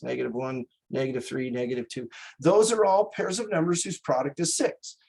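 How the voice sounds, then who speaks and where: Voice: mid-range voice, breathy edge, poor audio. A math instructor giving a classroom lecture in a folksy way, checking in with students and slipping in small jokes.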